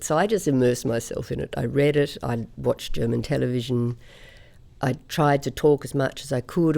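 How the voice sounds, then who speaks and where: A woman from Australia, a singer, telling stories in a relaxed interview chat. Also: low voice, gravelly. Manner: chatty anecdotal storyteller, laughs often. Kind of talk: conversational interview storytelling.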